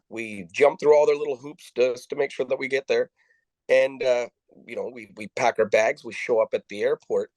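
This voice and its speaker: Man, interview guest; halting, restart-heavy delivery; acts out quoted lines; dry sound. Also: medium pitch, a little mellow, dry recording, poor audio. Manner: halting, with frequent restarts and repeated words; acts out the dialogue of people he quotes. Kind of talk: conversational storytelling.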